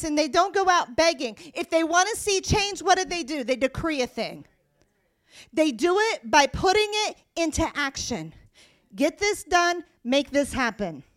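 A high-pitched woman delivers a sermon. She speaks emphatically, pressing her key points with forceful declarations, and drops to a quicker, softer voice when reading scripture aloud. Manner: reads scripture aloud in a quieter, faster voice. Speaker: preacher.

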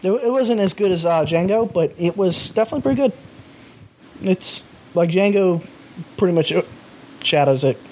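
A man's voice: sits high, lively intonation, normal speed, long pauses, warm tone, slight background noise, poor audio. A young man on a casual podcast, enthusiastic about films, with many ums and uhs.

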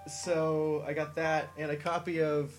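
A man's voice: fairly high pitch, little pitch movement, a little slow, faint music behind. A man co-hosting a casual podcast, tossing in dry, joking replies. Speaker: podcast co-host. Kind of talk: casual chat.

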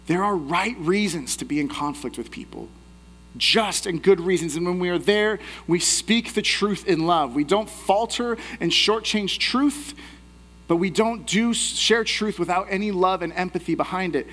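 A man's voice: high voice, measured pace, a bit bright, in a large hall. A man preaching a sermon, telling a story that pulls the listeners into imagined scenes. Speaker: pastor.

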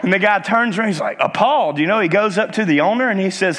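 Energetic male preacher, rising and falling, constantly calls on the congregation. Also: high voice, fast, hardly any pauses. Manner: call-and-response exhortation; lively, swinging between emphatic and hushed. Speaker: pastor. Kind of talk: sermon.

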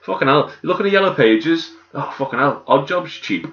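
A man trading jokes and curses in a loose chat with friends. His tone is bright and forceful. The sound is echoey and dull. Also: fairly high pitch, expressive, fairly quick. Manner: banterous, sweary, laughing. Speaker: podcast co-host. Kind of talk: casual chat.

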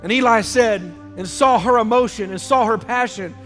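Emphatic high-voiced male preacher. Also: normal speed, a bit bright, faint music behind. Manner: emphatic, calls out questions to the congregation. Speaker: pastor. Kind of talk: sermon.

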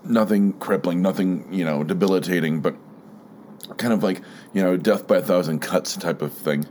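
A man with a very low, darkish voice hosts his podcast alone, rambling through his thoughts at normal speed with lots of fillers, restarts and searching for words. A slight frog sits in his throat, and faint room noise hums behind him.

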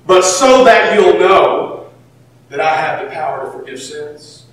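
A man preaching a sermon, voicing a calm, authoritative male teacher in a quiet, hushed voice. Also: fairly high pitch, measured pace, slight background noise, voice pushed down. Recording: echoey hall from far off.

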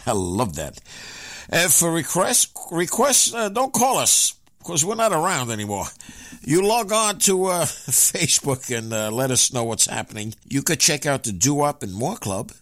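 A man hosting a radio show, announcing songs and plugs in a rambling, casual way full of filler pauses. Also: on the high side, big pitch swings, fairly bright tone, dry recording.

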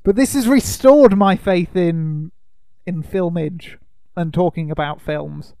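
A man's voice: high voice, slow, mellow, no echo. Dry, teasing male podcast host. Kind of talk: casual film podcast chat.

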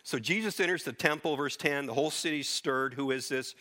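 A man's voice: medium pitch, brisk, bright, forceful tone. A middle-aged man preaching a sermon, teaching through Bible verses earnestly with occasional restarts.

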